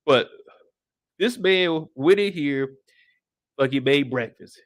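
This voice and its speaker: A young man giving a casual live recap of a TV episode, talking in animated, slangy, profane banter. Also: a little high, takes it slowly, pauses often, no room sound, clean studio sound. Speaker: show recap host.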